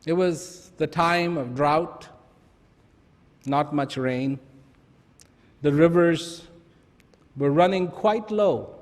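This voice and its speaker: A high-voiced man tells a parable to an audience. He takes his time, pausing between phrases. His words ring on in a long hall reverb. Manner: slow, deliberate narration. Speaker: storyteller.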